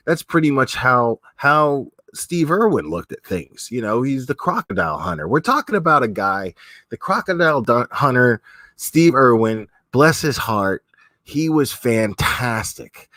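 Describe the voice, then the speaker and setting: A man's voice: medium pitch, big pitch swings, unhurried, fairly bright tone, no room sound. A man giving casual commentary as a streamer, rambling with many restarts and frequent swearing.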